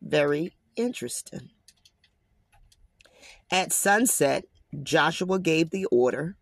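A man's voice: a little high, lively intonation, slow, gravelly, a bit bright, no room sound. Man reading scripture with casual asides. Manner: conversational, addresses listeners as guys; emphatic, slangy asides. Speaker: Bible commentator.

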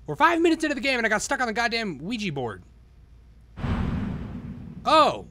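A man with a fairly high voice that leaps all over the place, running a live-stream commentary over a game. He swears nonstop, mutters to himself and gets loud whenever something puzzles him. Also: quick pace, long pauses, slight background noise. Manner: excitable, swears constantly, talks to himself.

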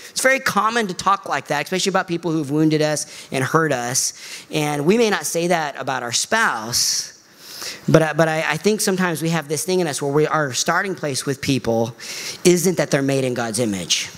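A middle-aged male pastor preaching a sermon, animated and emphatic. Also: normal speed. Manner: animated preaching, pitch swings high for emphasis.

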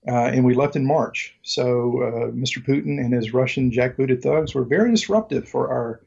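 A man's voice: mid-range voice, normal speed, vocal fry, a little mellow, slightly rough, muffled recording. A middle-aged man from Mississippi with a Southern accent, a guest telling stories in a rambling, joking way with many ums and restarts. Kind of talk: casual interview storytelling.

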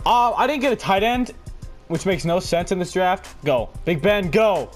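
Excitable young man yelling over a game. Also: moderate pace. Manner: loud bursts of yelling and laughter between low mutters. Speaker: gaming video host. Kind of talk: excited gameplay commentary. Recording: game music underneath.

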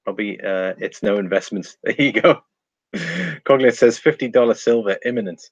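A man's voice: on the low side, normal speed, no room sound, lo-fi sound. A man hosting a casual live stream, reading viewer comments aloud and talking through price charts, laughing often.

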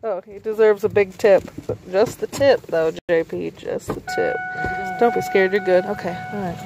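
A woman with a medium-pitched voice talks at a normal speed over a noisy background. She's in a car on a rainy night, holding her phone for a casual live-stream chat, excitable and jokey, swearing and laughing a lot.

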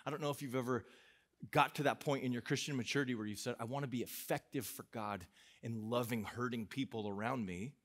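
A man preaching a sermon to young adults, passionate, asking rhetorical questions and swinging from emphatic bursts to low, quiet drops. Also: fairly quick. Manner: asks the audience rhetorical questions.

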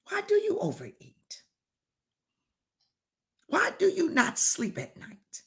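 High, lively-voiced woman preaching. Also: slow, gravelly, pauses often. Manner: fervent, fires rhetorical questions, calls out to listeners. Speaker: bishop preaching. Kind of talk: sermon.

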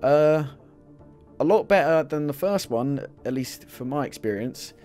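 A man doing gameplay commentary, excitable, swearing at the game and laughing at himself. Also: a little high, a little slow, soft background music. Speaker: gaming video creator. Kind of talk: let's-play gameplay commentary. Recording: racing car engine noise behind. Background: car engines from the game.

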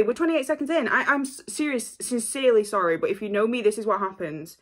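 Woman host reacting on camera, casual and effusive, prone to excited outbursts. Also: on the high side. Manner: gushing, apologetic, quick bursts of excitement.

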